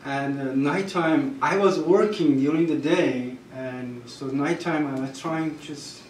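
A man with a Persian accent and Persian as his first language, telling personal stories at a gathering, halting and restarting, with soft laughs. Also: fairly high pitch, slight background noise. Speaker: storyteller at a gathering. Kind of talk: personal storytelling. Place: gathering room. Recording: echoey room, mic far off.

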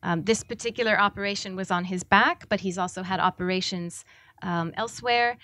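Soft-spoken woman author, dry sound. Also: mid-range voice, brisk, no echo. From Massachusetts, US. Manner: soft-spoken, frequent ums. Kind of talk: reading from her novel at a bookstore. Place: bookstore event room.

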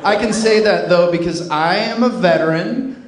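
A man doing a stand-up comedy set on a club stage, with a deadpan, dry delivery. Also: high voice, normal speed, background noise. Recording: echoey club with loud crowd laughter.

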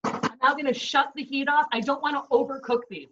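A woman's voice: high-pitched, fairly even intonation, a little fast, distant mic, dull audio, background noise. A woman chef instructor with a Chicago accent, talking through a cooking demo in her home kitchen, chatty and explanatory. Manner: chatty, explains as she cooks, frequent "right?" and "um". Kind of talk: cooking demonstration.

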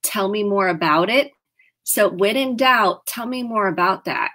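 A woman therapist from Indiana talking on a video call, coaching and acting out example questions in a warm, encouraging way. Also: medium pitch, expressive, unhurried. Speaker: licensed therapist. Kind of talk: video-chat conversation.

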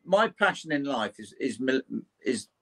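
A man's voice: medium pitch, big pitch swings, normal speed, fairly bright tone. An older Englishman, a historian and paranormal investigator, telling a personal ghost story in an interview, acting out the voices of the people in it and swearing mildly now and then. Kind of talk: animated storytelling in conversation.

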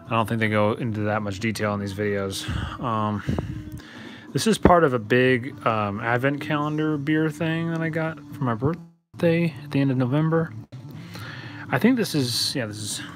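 A man's voice: mid-range voice, normal speed, music in the background, rough recording. A young man chatting offhand in a casual vlog, rambling and poking fun at himself. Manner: rambling, offhand, self-deprecating. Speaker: vlogger.

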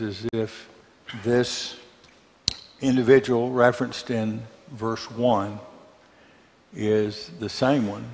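A man from Mississippi with a Southern accent, teaching a church Bible class in a conversational way, asking the class questions and pausing on fillers. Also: fairly low pitch, a little mellow, long reverb tail.

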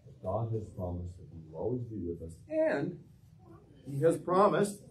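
A man's voice: on the low side, wildly swooping pitch, moderate pace, distant mic, a little hiss or hum. A male pastor preaching a sermon in a church. He asks the congregation questions and waits for their answers. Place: church sanctuary.

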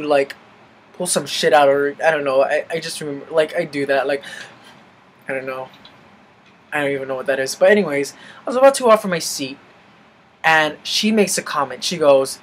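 Husky-voiced young man ranting. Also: fairly high pitch, poor audio. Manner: animated, swearing, venting. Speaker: vlogger. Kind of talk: casual ranting vlog.

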